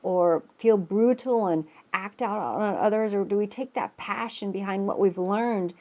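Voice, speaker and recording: A woman's voice: mid-range voice, measured pace, dark tone. A woman tarot reader talks through the month's astrology in a loose, earnest ramble. She often restarts her sentences and fills gaps with "uh" and "like" while laying out cards. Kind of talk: casual spoken astrology reading.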